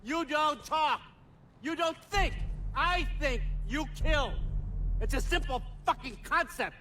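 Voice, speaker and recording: A man's voice: very high-pitched, lively intonation, slow, background noise, heavily acted. A domineering old father god. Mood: contemptuous. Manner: harsh, contemptuous scolding. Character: domineering old male god berating his son.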